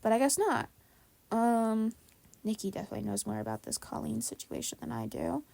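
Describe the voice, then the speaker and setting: Young woman podcaster ranting, lots of swearing, kinda high with a gravelly edge. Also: huge pitch swings, brisk, warm tone, dry recording. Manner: blunt, profane ranting. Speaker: podcast co-host. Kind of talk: casual chat.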